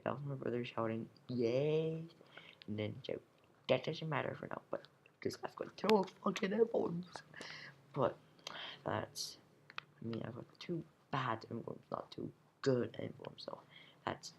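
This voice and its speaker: Slow, gravelly teenage boy grumbling. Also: mid-range voice, fairly bright tone, lo-fi sound, a little hiss or hum. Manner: grumbling, swearing, drops to whispers. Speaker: gamer opening card packs. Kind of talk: casual gameplay commentary.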